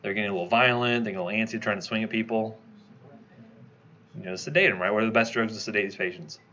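A man giving a conversational lecture, quizzing his class with quick questions as he teaches. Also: on the low side, bright, forceful tone, dull audio, slight background noise. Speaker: toxicology lecturer.

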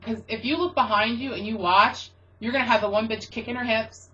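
A woman's voice: fairly high pitch, a little fast, sharp tone, dull audio. A woman co-hosting a comedy web show, chatting casually and rambling through jokey anecdotes.

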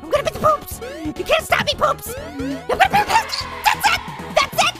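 A man voicing a cocky, teasing talking orange in a comedic cartoon gaming skit, squeaky and cartoonish, taunting and shouting in bursts. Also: big pitch swings, normal speed, loud music behind the voice. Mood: ranting. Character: cocky loud talking male orange fruit.

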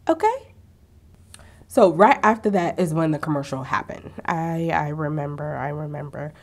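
A woman's voice: low-pitched, moderate pace. Chatty young woman recapping a show. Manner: animated, sassy asides and acted-out quotes. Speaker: TV recap vlogger. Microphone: ring-lit camera setup at home.

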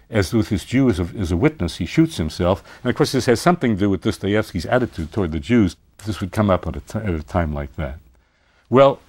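Older guy lecturing on a novel, low voice that swings up a lot when he gets into the story. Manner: animated storytelling, pitch rising on emphasis. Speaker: literature lecturer. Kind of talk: university lecture.

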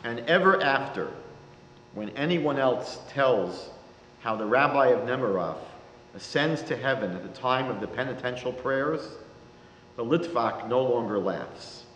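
A man, a rabbi giving a lecture, telling a story in a measured, dramatic way. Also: medium pitch, animated, a bit bright, slight background noise. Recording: reverberant lecture hall.

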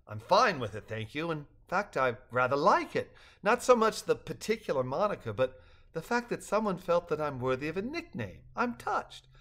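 A man's voice: on the high side, big pitch swings, moderate pace, fairly bright tone, voice pushed up. An older man voicing a polite, sensitive balloon creature that speaks formally and courteously in a read-aloud story. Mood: gently formal.

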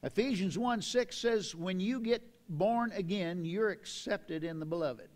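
An older man preaching a sermon in a church, reading scripture with slow, dramatic emphasis. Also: high-pitched, darkish tone. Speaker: pastor. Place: church sanctuary.

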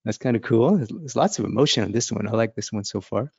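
A man's voice: on the low side, fast, vocal fry, slightly rough, no echo, muffled recording. A man teaching a casual drawing lesson. He talks and laughs as he thinks aloud while sketching. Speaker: art instructor.

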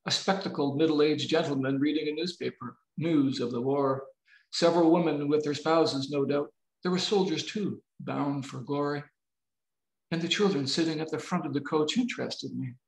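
A novelist reading his novel aloud in a measured, expressive way over a video call. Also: a little high, vocal fry. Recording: roomy video-call audio.

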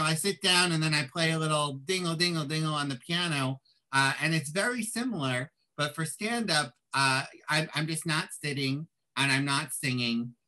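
A man's voice: on the high side, bright, forceful tone, low-quality recording. A man in his thirties, a composer and writer, chatting in a casual interview over a video call from home, joking and self-deprecating.

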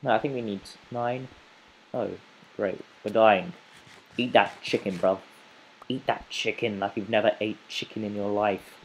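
A man hosts his own gaming video, narrating a survival game in a slow, drawn-out way. His voice sits a little low, and he rambles playfully and talks to the creatures on screen. A faint background noise runs under the recording. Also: fairly even intonation, rough recording. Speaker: gaming channel host. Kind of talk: let's play game commentary.

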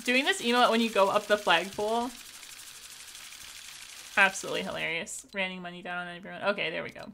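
Bright, bubbly young woman streamer. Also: medium pitch, steady tone, fairly quick, vocal fry, long pauses, a little hiss or hum. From Canada. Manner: bubbly and chatty, thanks viewers, laughs often. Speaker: live streamer. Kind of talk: casual live-stream chat over gameplay.

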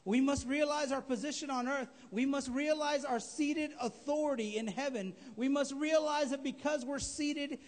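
Male pastor, very high voice, emphatic live sermon, echoing church hall. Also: fairly even intonation, normal speed, hardly any pauses. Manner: emphatic preaching, rising to shouts. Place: church sanctuary.

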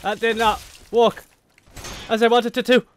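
A man's voice: extremely high pitch, level tone, measured pace, slight background noise. A man commentating his own gameplay, swearing and muttering through frustrating moments. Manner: swearing, exasperated outbursts. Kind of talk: let's play commentary.

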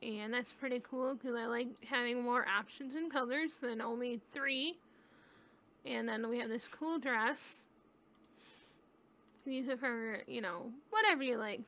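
A woman's voice: on the high side, bright, forceful tone. A woman giving casual, chatty gameplay commentary at home on a webcam mic, thinking aloud as she goes. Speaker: gaming YouTuber.

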